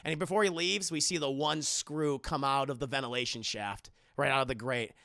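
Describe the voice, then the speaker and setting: Gravelly, excitable streamer recapping a film. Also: male voice, medium pitch, moderate pace, no room sound, studio quality. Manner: excitable and profane, keeps addressing the chat. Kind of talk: animated spoiler recap to a live chat.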